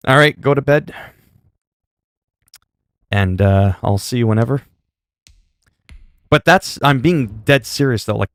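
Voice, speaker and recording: A man from Canada chatting casually on a livestream, with a mellow, soothing voice and a rambling, joking, foul-mouthed manner. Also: medium pitch, no echo. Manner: rambling, joking, heavy swearing.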